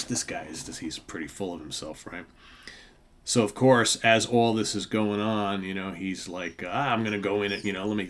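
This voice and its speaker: Deep-voiced rambling man in his fifties. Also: a bit bright, slight background noise. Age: 50s. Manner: rambling, filler-heavy, with many asides and tag questions. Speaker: comic book podcast host. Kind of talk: casual show-and-tell commentary.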